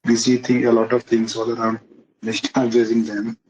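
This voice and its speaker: A man gives short, hesitant answers as a student in an online class. He speaks in a flat, even tone, and faint background noise sits behind his call audio. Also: mid-range voice, moderate pace, rough recording.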